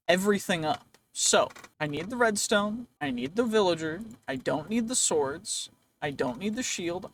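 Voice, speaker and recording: A young man hosting a let's play talks casually as he plays, rambling and joking to himself. His voice sits high and a bit bright, though it sounds slightly worn.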